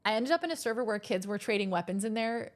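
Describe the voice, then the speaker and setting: A young adult woman streaming a game, chatting casually with her chat, excitable and easily rattled. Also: medium pitch, fast talker.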